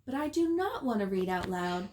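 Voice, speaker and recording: A woman's voice: mid-range voice, big pitch swings, moderate pace, a little mellow, a little hiss or hum, close to an everyday voice. A woman reading a storybook and voicing a small, eager boy monster who talks in a childlike, formal, self-announcing way. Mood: proud. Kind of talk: storybook read-aloud.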